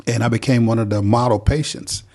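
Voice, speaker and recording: Earnest and plainspoken, a middle-aged North Carolina man tells his recovery story as a guest. His medium-pitched voice is steady, brisk and warm.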